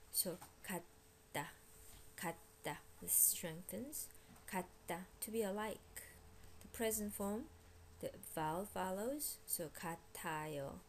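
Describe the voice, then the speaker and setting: A woman teaching a language lesson, explaining grammar and repeating each word slowly so learners can copy it. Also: on the low side, vocal fry, a little mellow, a little hiss or hum. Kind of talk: recorded vocabulary lesson.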